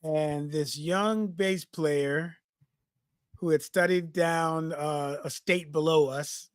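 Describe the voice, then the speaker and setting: A man, co-hosting a podcast and telling lively stories that he acts out in casual chat. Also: on the high side, slow pace, clear, resonant tone, no room sound, clean studio sound. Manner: animated storyteller, acts out quotes. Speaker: podcast co-host.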